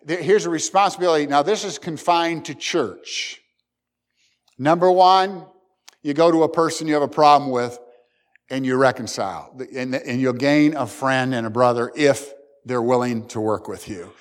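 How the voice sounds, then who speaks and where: A man's voice: mid-range voice, normal speed. A man preaching a sermon as pastor, talking earnestly and acting out what people say. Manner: earnest preaching, acts out quoted speakers. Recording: long hall reverb.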